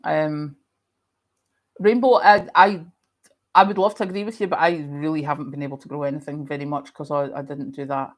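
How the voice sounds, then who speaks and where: A woman's voice: deep voice, brisk. Chatty Scottish woman with a cough. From Scotland. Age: middle-aged. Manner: chatty, animated storytelling. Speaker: livestream host. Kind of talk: casual chat reading viewer comments.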